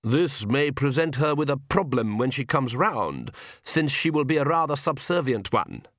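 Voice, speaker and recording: A man's voice: mid-range voice, sing-song, moderate pace, a bit bright, no room sound, clean studio sound. A man voicing a suave, menacing aristocratic male vampire count with a mocking drawl in an audiobook. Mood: smooth menace.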